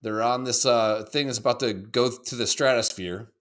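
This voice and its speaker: A man co-hosting a podcast, chatting casually about videos in a profane, excitable, rambling way. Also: medium pitch, moderate pace. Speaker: podcast co-host. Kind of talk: casual chat reacting to videos.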